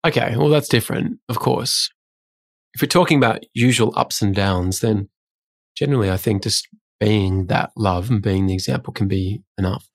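A man's voice: fairly low pitch, moderate pace, creaky. A man co-hosting a podcast, telling stories in a casual, self-deprecating way. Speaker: podcast co-host. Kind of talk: casual conversation.

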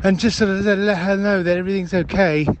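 A man's voice: high voice, steady tone, quick pace, a little hiss or hum. A man leaving rambling voicemails, hesitant and stammering, full of ums. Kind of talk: improvised comedy voicemail.

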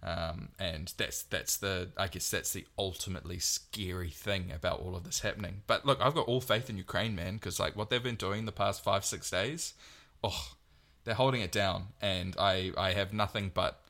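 A man's voice: sits low, moderate pace, sharp tone. A young man co-hosting a podcast in casual chat, talking earnestly and rambling with many restarts. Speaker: podcast co-host.

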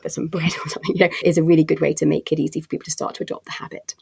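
Low gravelly woman, husky voice. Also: level tone, very fast. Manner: articulate and expansive, with frequent fillers and restarts. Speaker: company co-CEO guest. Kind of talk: podcast interview answers.

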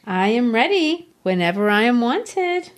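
A woman reading the part of a spirited young gentlewoman from a novel, in a poised, earnest manner. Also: a little high, big pitch swings, unhurried. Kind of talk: reading a novel's dialogue aloud.

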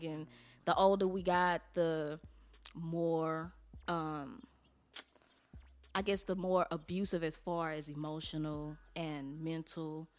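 A woman as an interview guest, telling her own story candidly in blunt, colloquial talk with some cursing. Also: on the low side. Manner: blunt, colloquial, salty language.

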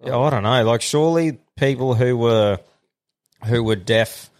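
A man's voice: mid-range voice, measured pace, a little mellow. A man co-hosting a podcast in casual, sweary, laid-back chat. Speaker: podcast co-host.

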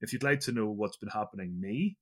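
A man's voice: fairly low pitch, fairly quick, fairly bright tone. A man hosting a gaming podcast, rambling and self-mocking as he chats. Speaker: podcast host. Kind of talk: casual chat.

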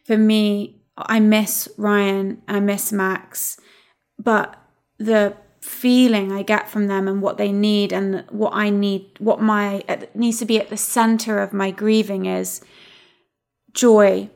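A woman co-hosting a casual chat, speaking in a halting, reflective way with many pauses. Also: medium pitch, level tone, creaky, a little mellow. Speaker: podcast co-host.

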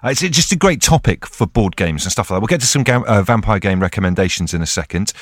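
A man's voice: on the low side, quick pace, no room sound. Guy hosting a podcast, bouncy voice, dead dry sound, trips over his words. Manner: animated, chatty, stumbling restarts. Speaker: podcast host. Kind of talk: casual chat.

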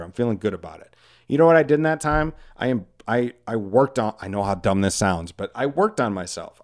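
Rambling, candid middle-aged podcast host. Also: male voice, medium pitch, a little mellow. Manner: rambling, candid, self-deprecating, lots of "like". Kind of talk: casual monologue.

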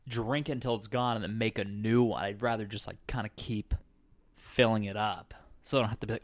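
A man's voice: lowish voice, steady tone, brisk, no echo. A man hosting a podcast in casual chat, explaining things in a rambling way with lots of "like" fillers. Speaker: podcast host.

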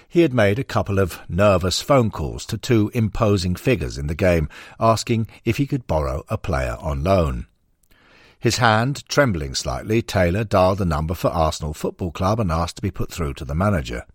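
A man narrating a sports history audiobook in a measured storytelling manner. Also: deep voice, breathy edge, dry recording, clean studio sound.

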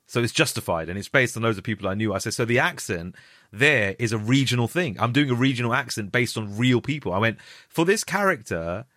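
A man in his thirties, an actor chatting on a podcast, telling an animated anecdote with lots of restarts and mimicry. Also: medium pitch, fast talker, dry recording, clean studio sound. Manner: animated storyteller, frequent restarts and mimicry of others. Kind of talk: casual chat, anecdote telling.

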